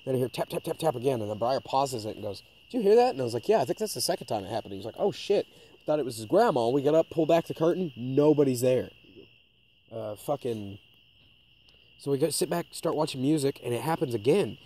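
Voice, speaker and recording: A man swaps ghost stories on a casual podcast, swearing freely. His voice is mellow and dark-toned. He jumps up into the voices of the people he quotes. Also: medium pitch, animated, fast. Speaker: podcast co-host. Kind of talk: casual storytelling chat.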